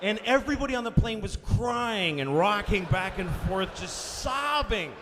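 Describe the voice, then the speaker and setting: A man performing stand-up comedy on a live stage, telling a profane, animated story that rises to shouts. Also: sits high, normal speed. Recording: roomy hall reverb, faint noise.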